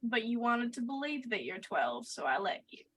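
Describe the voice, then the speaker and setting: A woman chatting as a player at a tabletop game, teasing and casual. Her voice is bright and slightly raised. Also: fairly high pitch, very animated, moderate pace, slightly rough.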